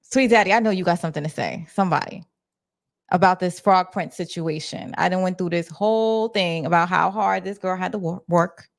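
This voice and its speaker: A woman with a New York accent casually streams from her office, her fairly quick, lowish voice marked by vocal fry. She chats with her viewers, responding to her chat with fillers and restarted sentences.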